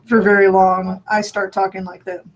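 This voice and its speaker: High-voiced rambling man from New Mexico. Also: flat delivery, normal speed. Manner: rambling, thinks aloud with frequent restarts and laughs. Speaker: conversation partner. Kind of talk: casual chat.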